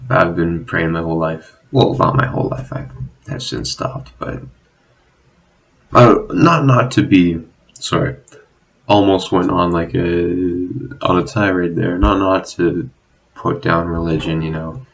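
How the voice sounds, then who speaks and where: A young man talking casually in a rambling, self-deprecating monologue, swearing often and filling pauses with "like" and "um". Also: low-pitched, steady tone, vocal fry, poor audio. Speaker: vlogger. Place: at home, drinking.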